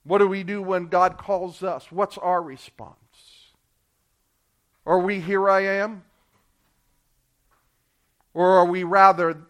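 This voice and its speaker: A male pastor preaching a sermon, acting out the people he quotes and swinging between loud and quiet. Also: high-pitched, steady tone, takes it slowly, long pauses, smooth. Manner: dramatic, acts out quoted voices with big swings in loudness.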